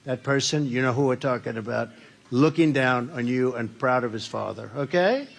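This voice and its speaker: A man's voice: mid-range voice, normal speed, gravelly. An older man giving a campaign rally speech, rambling and boastful, often repeating his phrases. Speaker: political speaker at a rally. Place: large indoor rally room.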